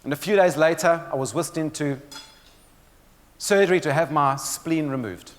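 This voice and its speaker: A man's voice: on the high side, normal speed. A man giving a keynote talk, telling stories with dry humor and speaking straight to the audience. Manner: storytelling with dry humor, addresses audience directly. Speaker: motivational speaker. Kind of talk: keynote presentation on stress. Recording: long hall reverb.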